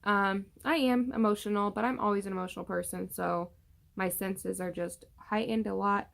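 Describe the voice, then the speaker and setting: A woman's voice: mid-range voice, steady tone, normal speed, creaky, a bit bright. A young woman casually chatting through a pregnancy update vlog, rambling with many fillers and tired from yawning. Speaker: vlogger.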